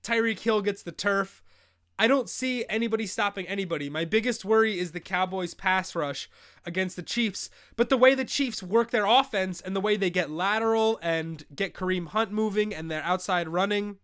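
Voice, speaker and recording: A man's voice: sits high, normal speed, a bit bright, clean tone. A young man hosting a live fantasy football advice stream, bantering loosely and joking as he answers chat questions. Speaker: host.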